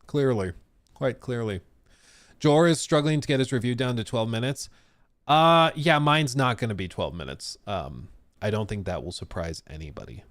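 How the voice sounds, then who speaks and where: A man's voice: fairly low pitch, brisk, no echo. A man hosting a casual live stream, chatting in a rambling, self-deprecating way with lots of fillers. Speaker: streamer and games reviewer. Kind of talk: casual live-stream chat, reading out chat comments.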